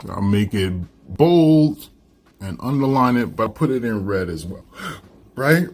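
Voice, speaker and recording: A man's voice: medium pitch, expressive, unhurried, darkish tone, slight background noise. A male teacher giving a casual classroom literature lecture, talking things through and checking in with "right?" after nearly every point. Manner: conversational, keeps asking "right?".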